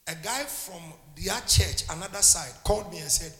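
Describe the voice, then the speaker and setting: A man's voice: high voice, lively intonation, moderate pace, pushed and bright, echoey room, long reverb tail. A man preaching a sermon as a pastor, impassioned and calling out to his congregation.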